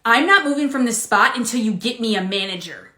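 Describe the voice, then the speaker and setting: Woman putting on a snooty bossy customer lady, bright sharp voice, echoey room. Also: a little high, expressive, brisk. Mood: demanding. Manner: demanding, condescending, indignant. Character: entitled rude middle-aged woman customer. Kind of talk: comedy skit. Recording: roomy echo.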